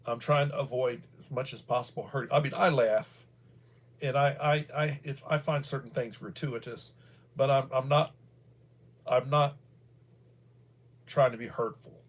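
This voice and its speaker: Middle-aged us guy hosting a livestream, wanders off topic, um and you know everywhere, mid pitch. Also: fairly even intonation, a little slow, pauses often. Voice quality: bald. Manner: meandering, many fillers and restarts. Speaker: livestream host. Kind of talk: casual rambling commentary.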